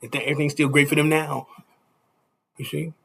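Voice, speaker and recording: A man's voice: a little high, little pitch movement, brisk, vocal fry, bright, forceful tone, breathy edge. A man preaching a casual street sermon, stopping often to ask "you see?" and chuckling between points.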